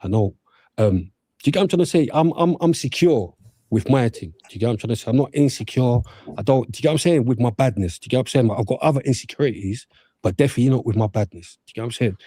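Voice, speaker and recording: Brief: man, mellow tone, dry close sound, defiant and repetitive. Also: mid-range voice, expressive, fast, dry recording. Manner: keeps asking "do you get what I'm saying", defiant. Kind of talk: casual response video.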